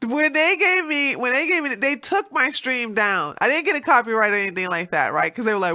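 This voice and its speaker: Stuffed up from allergies, this woman wanders chattily from topic to topic during a casual livestream, breaking into frequent, easy laughter. Her voice is fairly high, bright and forward, and she talks at a normal speed.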